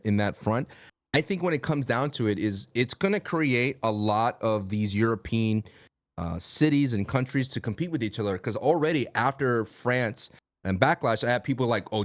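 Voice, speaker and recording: A man co-hosting a podcast who rambles along in a chatty, conversational way. His voice sits in a middle pitch, recorded dry and close with no room sound. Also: animated, normal speed, no echo. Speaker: podcast co-host. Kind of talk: casual chat.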